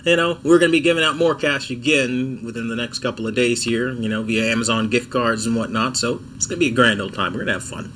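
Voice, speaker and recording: A man's voice: mid-range voice, steady tone, quick pace, hardly any pauses, fairly bright tone, slight background noise. A sick man hosting a casual TV tech livestream at home, chatting with viewers in a laid-back, self-mocking way. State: sick, coughing and clearing throat.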